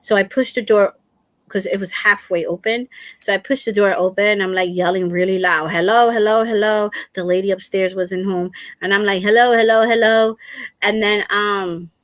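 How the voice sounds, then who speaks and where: A middle-aged woman hosting a crafting livestream, telling a story to her viewers in a casual, animated way, laughing often and repeating herself. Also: mid-range voice, normal speed, no echo. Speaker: crafting channel host.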